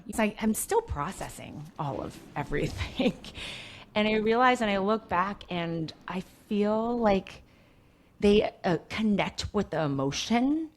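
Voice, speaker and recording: A woman in her forties, a podcast guest, speaking in reflective, hesitant casual chat about being a mother of teenagers. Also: mid-range voice. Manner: reflective, hesitant, many fillers.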